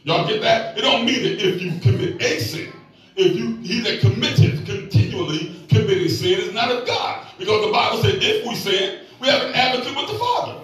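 A man in his sixties preaches in an animated, folksy way, telling jokes and stories. His voice sits high, and it reaches the mic from far off through a very echoey church hall with faint music behind. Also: brisk. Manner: animated, folksy, joking storyteller. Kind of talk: sermon with call-and-response. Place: church sanctuary.

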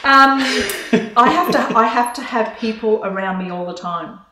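A woman's voice: fairly high pitch, moderate pace, noisy background. A woman, a guest in a casual podcast interview, talking in a chatty way with hesitant ums. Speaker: guest, co-founder of a coaching business. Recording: echoey room.

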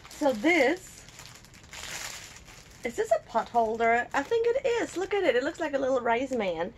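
A woman from Germany talks through an unboxing at home in a loose, chatty way. Her voice sits a little on the high side. She coos over each cute item and giggles often, and a faint hiss runs under her voice. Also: sing-song, measured pace. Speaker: unboxing vlogger. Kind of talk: casual unboxing chat.

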